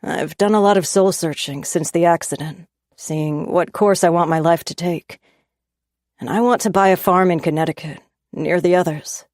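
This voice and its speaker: A woman reading the lines of an earnest young male chef in a low, soft, confiding voice. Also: moderate pace, no echo, studio quality, close to an everyday voice. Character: man, young restaurant owner, charming and earnest.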